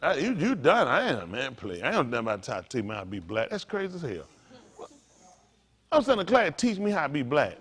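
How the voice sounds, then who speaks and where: Man, pastor, informal sermon, slangy, lively swooping pitch. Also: brisk, husky. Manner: animated, slangy, laughs through a funny story. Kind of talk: informal sermon teaching with storytelling.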